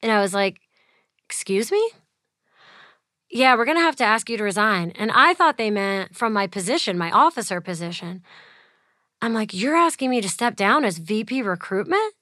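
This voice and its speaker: A woman's voice: medium pitch, lively intonation, brisk, bright, forceful tone, no echo, studio quality. A woman in her thirties telling a personal story in a casual, chatty way, acting out the dialogue and saying "like" a lot. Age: 30s. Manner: chatty, acts out quoted dialogue, heavy use of "like". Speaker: interviewee.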